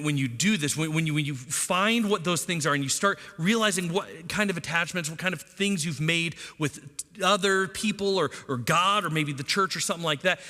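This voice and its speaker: A man's voice: on the high side, sharp tone. A middle-aged man preaching a sermon as pastor, talking to the congregation conversationally and asking them lots of questions. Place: church sanctuary. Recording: long church reverb.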